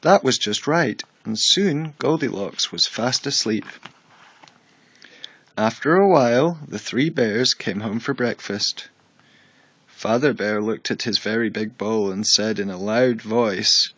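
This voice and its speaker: A man narrating a bedtime story in a measured, expressive storybook reading. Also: fairly low pitch, dry recording, lo-fi sound.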